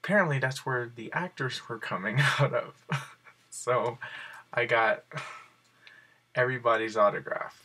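A man telling a story in a casual video blog, excited and rambling, with lots of fillers. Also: medium pitch, a little slow, long pauses, slightly rough. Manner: excited and rambling, many fillers like "like" and "you know". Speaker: video blogger.

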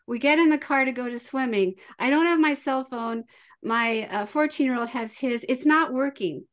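Middle-aged woman on a podcast, high voice, animated anecdote teller. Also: moderate pace. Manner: lively, acts out her children's voices. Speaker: podcast guest. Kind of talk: casual storytelling.

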